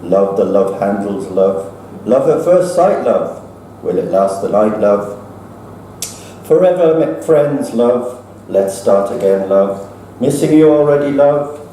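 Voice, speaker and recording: A man performing his own poem at an open mic, chanting it rhythmically with big swoops up and down in pitch. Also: animated, takes it slowly, mellow, a little hiss or hum. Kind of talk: performance poetry. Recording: echoey room from far off with faint ambience.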